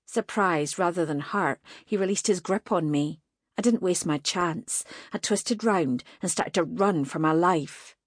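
A woman narrating a first-person fantasy audiobook in a tense, even manner. Her voice sits slightly low for a woman, and the recording is dry and close with no room sound. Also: unhurried, no echo.

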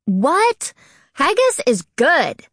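An eager, food-loving tomboy girl, as a woman narrator puts her on, talking with loud, emphatic excitement. Her lines pop out higher than the narration, in a dry, close audiobook recording. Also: normal speed, dry recording. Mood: excited. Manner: enthusiastic, emphatic.

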